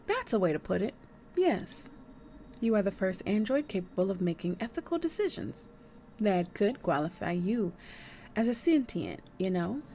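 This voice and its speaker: A woman's voice: medium pitch, big pitch swings, moderate pace, dark tone, a little hiss or hum. A woman reading the lines of a sly, coaxing woman infiltrator in a plain reading voice. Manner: reads game text aloud plainly.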